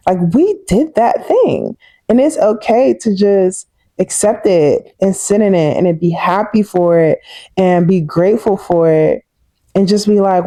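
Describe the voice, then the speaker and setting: A woman in her thirties talking casually and warmly to her viewers in a personal vlog, chatty and heartfelt. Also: fairly low pitch, dry recording. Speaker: vlogger.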